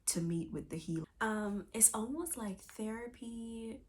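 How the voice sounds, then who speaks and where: A woman in her twenties shares a personal testimony, her voice on the high side with a darkish tone and an unhurried pace. Earnest and emotional, she searches for words, full of fillers and restarts.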